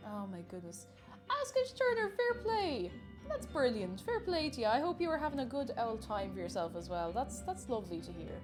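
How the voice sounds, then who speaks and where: A woman's voice: on the high side, sing-song, normal speed, music in the background. A woman with an Irish accent chatting casually with viewers while she cooks on a live stream. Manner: chatty, reads chat aloud and answers viewers.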